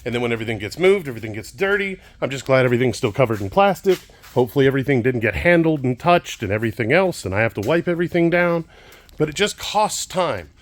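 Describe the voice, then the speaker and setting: A man's voice: mid-range voice, animated, quick pace. Frustrated man ranting and swearing. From Kansas, United States. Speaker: vlogger. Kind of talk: venting vlog.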